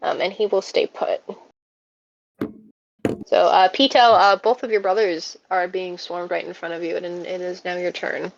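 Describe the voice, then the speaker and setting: A woman narrating a tabletop game as game master, relaxed and halting with many fillers. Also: fairly low pitch, creaky, highs cut off, slight background noise.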